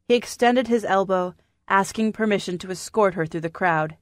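A woman narrating a historical novel audiobook in a measured, even storytelling manner. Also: mid-range voice, no echo, clean studio sound. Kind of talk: scripted narration. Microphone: studio microphone.

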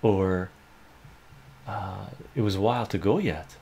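A man's voice: deep voice, measured pace, creaky, dark tone, a little hiss or hum. A man hosting a live stream from home, chatting casually and reading out viewer comments, laughing often and thinking aloud. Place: home room with a meowing cat.

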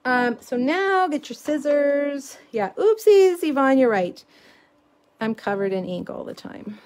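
A woman's voice: mid-range voice, a little mellow. A middle-aged woman, chatting casually through a live craft demonstration and talking to viewers as she works. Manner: chatty, self-deprecating, talks to viewers in comments.

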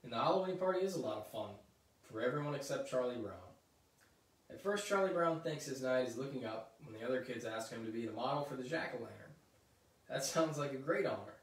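A man reading a children's book aloud at a middle pitch, adding chatty asides as he goes. The room echoes, and he sits back from the mic. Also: lively intonation, brisk. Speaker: story reader. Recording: roomy echo, mic at a distance.

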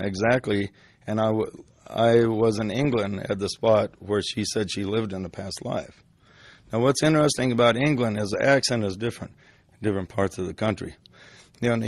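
Older man with a gravelly voice. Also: fairly low pitch, no room sound. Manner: rambling, with fillers and restarts. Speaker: storyteller. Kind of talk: casual spoken storytelling.

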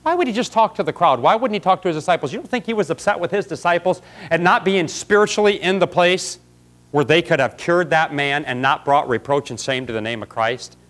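A man's voice: on the high side, lively intonation, a little fast, a bit bright. A man preaching a folksy, fiery sermon in a church, calling out congregants by name. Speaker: pastor. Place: church sanctuary.

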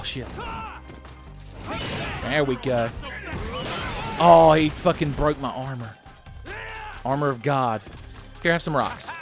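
A young man giving casual, profane commentary while playing a fighting game, often shouting his special moves. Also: on the high side. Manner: excitable, profane, yelling move names. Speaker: let's-play commentator.

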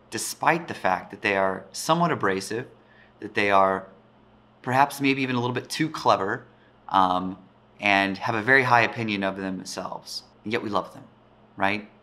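A male teacher giving a casual, rambling talk about a play, thoughtful and pausing often. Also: fairly low pitch, bright, forceful tone. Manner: thoughtful, rambling, with frequent pauses.

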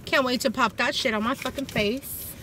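A woman's voice: high-pitched, steady tone, normal speed. A young woman, chatting casually and bluntly through a shopping haul vlog with heavy swearing. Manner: profane, blunt and loose. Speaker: vlogger. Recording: faint background noise.

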